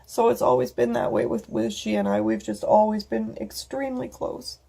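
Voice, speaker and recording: Casting: woman, 50s, husky dark voice, rambling, heartfelt home vlog. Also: fairly high pitch, fairly even intonation, normal speed. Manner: rambling, many fillers and restarts, casual swearing. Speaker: vlogger. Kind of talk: emotional personal storytelling.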